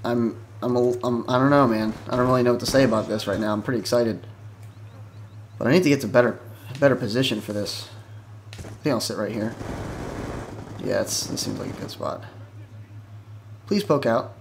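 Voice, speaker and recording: A man giving casual commentary over his own gameplay, excitable, swearing and yelping when the action spikes. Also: mid-range voice, a little fast, pauses often. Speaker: gaming YouTuber. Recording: game noise behind voice.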